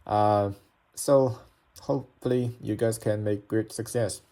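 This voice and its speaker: A man's voice: lowish voice, fairly even intonation, measured pace, mellow. A man from China with a Chinese accent, a native Chinese speaker teaching a pronunciation lesson and patiently repeating sounds to demonstrate them. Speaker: language teacher.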